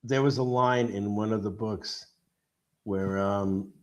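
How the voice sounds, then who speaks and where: A man's voice: lowish voice, steady tone, takes it slowly. A man in casual podcast chat, rambling and swearing as he retells a story and acts out the quotes. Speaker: podcast co-host.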